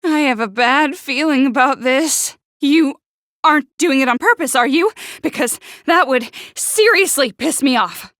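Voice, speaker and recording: Prickly teen girl, game character, high voice, stammers, snappish, dry close sound. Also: animated, unhurried, a bit bright, no room sound. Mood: snarky. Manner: stutters on first sounds when flustered. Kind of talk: video game voice acting.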